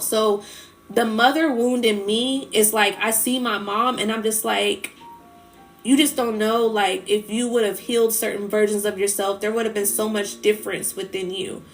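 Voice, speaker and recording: Woman, spiritual livestream host, heartfelt rambling talk, tearful, faint music behind. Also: on the high side. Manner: heartfelt, rambling, many "like" fillers. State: tearful, getting emotional. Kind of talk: emotional casual livestream talk.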